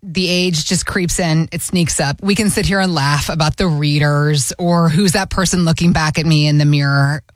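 A woman's voice: sits low, steady tone, moderate pace, few pauses, no room sound, studio quality. A middle-aged woman co-hosting a casual chat, telling stories and laughing easily. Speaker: podcast co-host.

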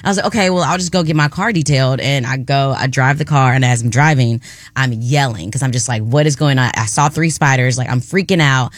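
A woman co-hosting a radio show, telling a story in animated, casual chat with sudden jumps into high squeals. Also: a little fast, dry recording. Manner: animated storyteller, jumps into loud squeals when retelling panic.

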